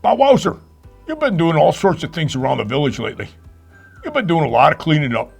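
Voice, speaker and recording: Brief: man as a doting puppet dad, high, gravelly and animated, light music under. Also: fast. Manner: warm, storytelling. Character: doting puppet dad, talks fondly of his old village. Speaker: puppeteer and narrator. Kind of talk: kids' puppet show.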